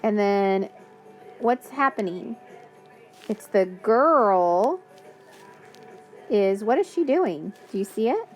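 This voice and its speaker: A woman leads a phonics lesson for young children, taking her time over each word. She talks at an unhurried pace, stretches the sounds out one by one and praises each answer. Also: mid-range voice, big pitch swings, soft background music. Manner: patient, encouraging, sounds out words slowly. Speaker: teacher.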